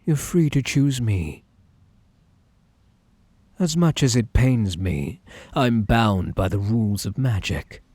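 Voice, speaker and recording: Guy doing a british bunny boy, obsessive and clingy, low breathy whisper, super slow, whispered role-play. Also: lively intonation, no room sound. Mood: pleading, possessive. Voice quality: breathy, hushed. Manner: slow, pleading and possessive. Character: possessive magical bunny boy, pleading and obsessive.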